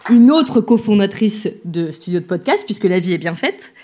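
A woman's voice: medium pitch, sing-song, a little fast, warm tone. A woman introducing guests on a festival stage in a chatty, self-mocking way. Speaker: festival presenter.

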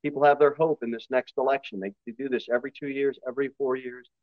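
A man with a Northern US accent, a pastor giving a sermon in a conversational style with quick asides and voiced impressions. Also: medium pitch, steady tone, dry recording, muffled recording. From northern United States.

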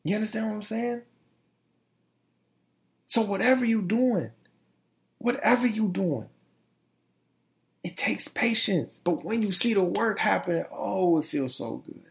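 A male podcaster talks alone to his listeners with a slightly raised, gravelly voice. He is emotional, repeating himself and stumbling as he gathers his thoughts. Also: high voice, lively intonation, a little slow, pauses often. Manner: emotional, repetitive, stumbling over words. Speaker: podcast host. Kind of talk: solo podcast monologue.

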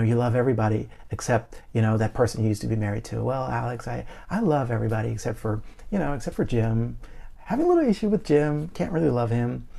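A man's voice: fairly low pitch, vocal fry, mellow. A man preaching a grace sermon in a casual, conversational way, repeating words and tossing in "man" and "you know.".

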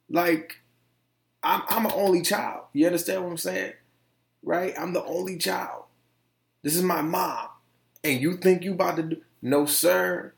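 Animated man, roomy echo. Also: mid-range voice. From Detroit, USA. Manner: animated, profane, conversational. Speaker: podcast host. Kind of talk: casual storytelling monologue.

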